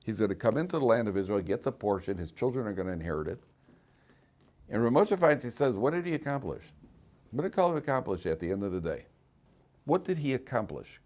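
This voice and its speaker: Rabbi teaching an animated classroom lesson. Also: male voice, lowish voice, fast. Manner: animated, acts out voices of people in the story; breaks off to address students directly. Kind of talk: classroom Torah lecture.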